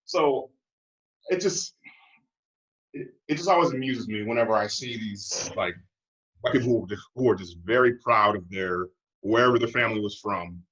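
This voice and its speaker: A man's voice: lowish voice, moderate pace, long pauses, a bit bright, slightly rough. Reflective man with a dull lo-fi sound. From United States. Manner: reflective, wry, acts out others in a raised voice. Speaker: podcast co-host. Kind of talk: casual conversation.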